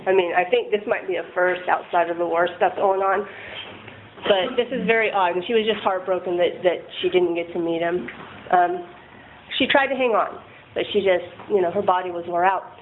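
A woman's voice: fairly low pitch, moderate pace. A woman candidly sharing a rambling, self-deprecating personal recovery story, laughing often. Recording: tinny phone-like line with faint noise.

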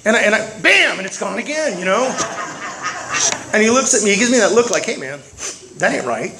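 A man sharing his recovery story with self-mocking humor, animated and full of repeated words and restarts. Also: sits high, a little fast, background noise.

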